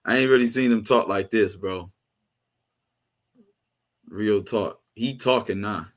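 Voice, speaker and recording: A man hosting a live online class, chatting casually in a slangy, excitable way. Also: fairly low pitch, slow pace. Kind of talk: casual chat.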